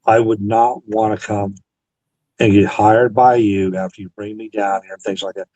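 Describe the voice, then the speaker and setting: A man's voice: fairly low pitch, flat delivery, moderate pace, mellow, no echo, low-quality recording. A Navy veteran man in an interview, earnestly retelling past conversations and quoting both sides. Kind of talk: storytelling interview.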